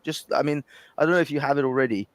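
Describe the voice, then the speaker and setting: A man's voice: fairly high pitch, very fast, no echo. A man, co-hosting a podcast in heated casual chat, swearing and exasperated, often laughing through his points. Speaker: podcast co-host.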